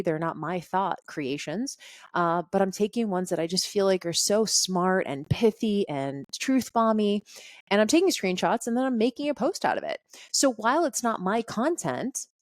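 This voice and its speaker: A woman's voice: fairly low pitch, dry recording, clean studio sound. A woman hosting a solo podcast, talking casually and candidly with frequent "like" fillers and the odd swear word. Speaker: podcast host.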